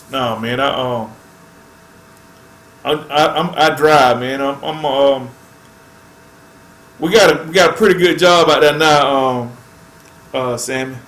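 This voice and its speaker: A man's voice: mid-range voice, slow, long pauses, a bit bright, roomy sound. A man hosting a fishing channel, chatting casually to viewers in a laid-back way and tacking "man" onto nearly every phrase.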